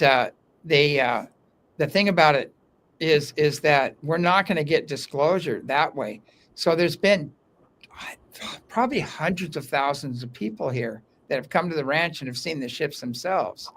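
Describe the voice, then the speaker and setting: A man talking as a guest in a casual interview, telling stories in an animated way with frequent restarts, speaking from an underground room. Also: medium pitch, a little hiss or hum. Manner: animated, talkative storyteller with many restarts.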